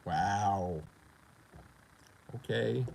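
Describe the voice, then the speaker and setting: A man's voice: fairly low pitch, very slow, creaky, a little mellow, a little hiss or hum, rough recording. A middle-aged man with a New York accent, ranting profanely and animatedly as a gaming streamer on a casual livestream.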